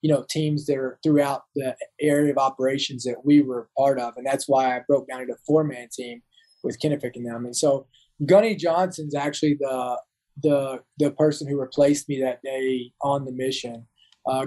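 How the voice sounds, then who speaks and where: A man's voice: medium pitch, steady tone, normal speed, warm tone, poor audio. A man, a Marine veteran telling war stories in an interview, rambling with many restarts. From Kentucky. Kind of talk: casual storytelling interview.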